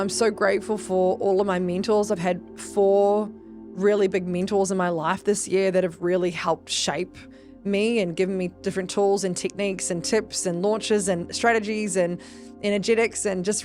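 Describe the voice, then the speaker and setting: A woman's voice: medium pitch, a little mellow. A woman, a business coach and podcast host, talking in an earnest, emphatic way with casual swearing and lots of fillers. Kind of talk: casual motivational talk.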